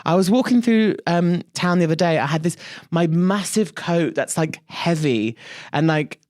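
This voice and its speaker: His voice is fairly high yet darkish in tone, delivered at normal speed. As a podcast co-host in loose chat, he spins lively stories, swears without restraint and acts out what people said.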